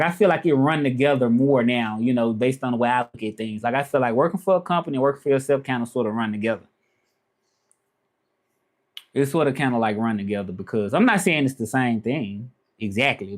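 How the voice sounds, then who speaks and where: A man chatting casually on a live stream, relaxed and rambling, often asking "you know what I'm saying". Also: medium pitch.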